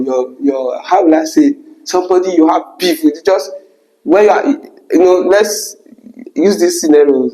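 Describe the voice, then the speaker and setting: A young man telling an emotional personal story, animated and breaking into high exclamations. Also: rough recording. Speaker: vlogger.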